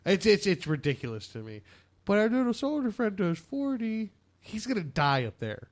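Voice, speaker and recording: A man with a fairly high voice co-hosts a podcast, throwing in jokes and skeptical questions as the talk goes on. His delivery is loose and chatty, and he often breaks in on his partner. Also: wildly swooping pitch, normal speed. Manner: joking, skeptical banter. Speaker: podcast co-host. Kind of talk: casual chat.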